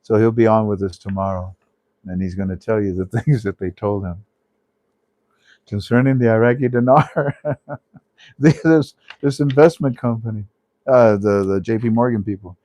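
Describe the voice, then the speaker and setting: A man's voice: fairly low pitch, moderate pace, dark tone, no room sound. A man hosting a casual monologue, emphatic and repetitive, often breaking into laughter. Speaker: host. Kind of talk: casual talk show monologue.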